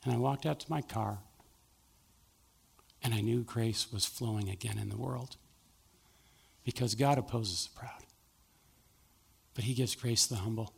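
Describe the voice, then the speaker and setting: A man's voice: medium pitch, measured pace, vocal fry, pauses often, slightly rough. A middle-aged male pastor preaching a sermon, telling a personal story and acting out both sides of the conversation.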